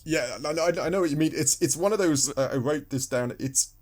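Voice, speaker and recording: A man's voice: fairly high pitch, fairly quick, darkish tone. A man co-hosting a video game podcast, chatting casually and often restarting his sentences. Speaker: podcast co-host. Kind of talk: casual chat.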